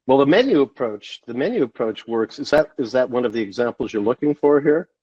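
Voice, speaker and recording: A man being interviewed on a podcast, telling a story at a steady, measured pace. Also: medium pitch, breathy edge, no echo. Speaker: guest, sales consultant. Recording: dull, dry lo-fi sound.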